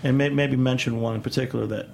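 A man's voice: mid-range voice, steady tone, fast, gravelly, darkish tone, slight background noise. A man hosting a radio show in a studio, interviewing guests in an upbeat way.

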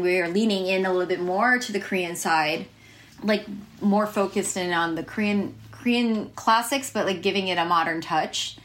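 A woman's voice: fairly low pitch, a bit bright. An American woman chef telling her story in an interview, chatty and full of fillers and restarts, laughing now and then. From United States.

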